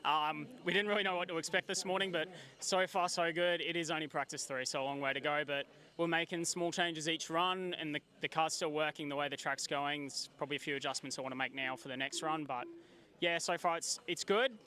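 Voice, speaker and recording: Bright-voiced racing driver, relaxed. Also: male voice, on the high side, a little fast. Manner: relaxed, modest, technical. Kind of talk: trackside interview.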